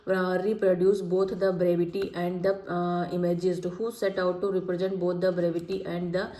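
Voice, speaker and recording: In an echoey room, a female teacher goes over exam questions during a study lecture, reading every option aloud before slowly repeating the correct one. Her voice is mellow, flat, and on the low side.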